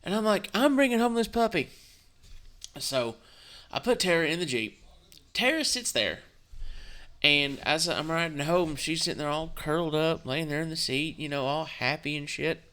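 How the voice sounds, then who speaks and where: Casual male vlogger, worn out and low-key, rambling, smooth and clear tone. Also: expressive, sharp tone. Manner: halting, rambling, with frequent restarts and swearing. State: subdued and tired. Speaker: gaming channel host. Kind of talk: casual vlog talk.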